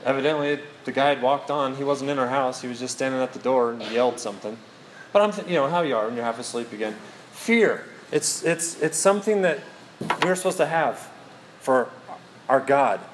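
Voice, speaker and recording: A middle-aged man preaching to a congregation, mixing scripture with comic family anecdotes. He speaks at an ordinary pitch, jokes at his own expense, and a faint hum of room noise sits behind his voice. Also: brisk. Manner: storytelling, self-mocking humor. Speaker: pastor. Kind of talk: sermon.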